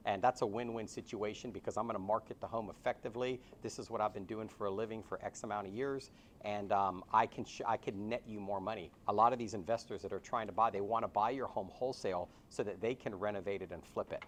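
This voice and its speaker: A man leading a real estate sales training, role-playing his pitch to home sellers and telling stories with animation. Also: slight background noise. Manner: animated storytelling.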